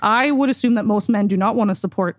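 A woman's voice: mid-range voice, fast. A woman hosts a podcast interview in an easy conversational tone. She is given to dry, sarcastic asides. The recording is dry, with no room echo. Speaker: podcast host.

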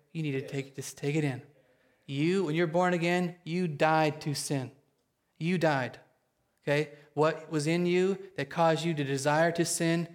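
In a fairly high-pitched voice, this male pastor preaches to his flock at a rapid, excited clip, regularly pausing to check in with the congregation.

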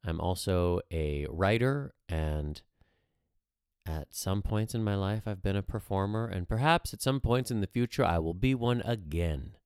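A man with a very low voice who co-hosts a podcast and tells stories in a chatty, animated way. The sound is dry and close, recorded on a studio mic in a dead room. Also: measured pace, clear, resonant tone, no room sound. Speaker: podcast co-host. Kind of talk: casual chat.

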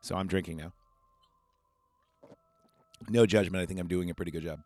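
A man's voice: low-pitched, steady tone, moderate pace, a little mellow, dry recording. A man hosting a podcast, recapping a movie in a rambling, chatty way and swearing freely. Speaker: podcast host. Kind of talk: casual film review.

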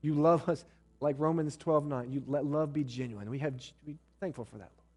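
A man's voice: fairly high pitch, normal speed, a little mellow. Blunt joking male pastor preaching. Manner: blunt, joking asides, acts out spouses' lines. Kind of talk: sermon.

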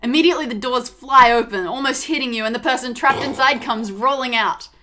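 A woman runs a tabletop game, describing rooms and objects in a bright, clear voice. Her pitch sits a little high. She narrates steadily with a touch of humor. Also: a little fast. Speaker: game master.

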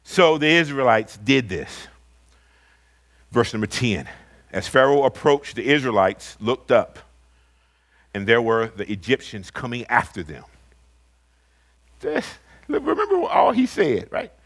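A man preaching a sermon and reading scripture aloud, swinging from loud emphatic rises to low, quiet asides. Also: wildly swooping pitch, breathy edge. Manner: reads scripture aloud slowly.

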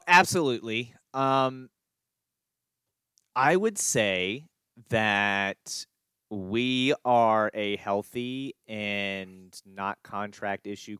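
A man co-hosting a sports podcast, rambling and animated with chuckles. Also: on the low side, clear, resonant tone, no room sound. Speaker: podcast co-host. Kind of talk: casual sports chat.

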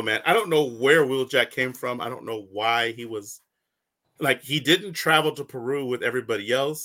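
Lively bright-voiced man riffing. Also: mid-range voice. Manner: animated, slangy, laughs often, acts out quotes. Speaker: show host. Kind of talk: casual movie review chat.

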